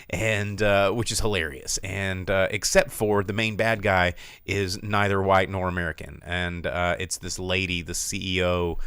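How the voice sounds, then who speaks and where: A man's voice: low-pitched, fairly bright tone, clean tone, dry recording, clean studio sound. A man hosting a podcast, reviewing a film in casual chat, rambling and sarcastic with lots of fillers and restarts.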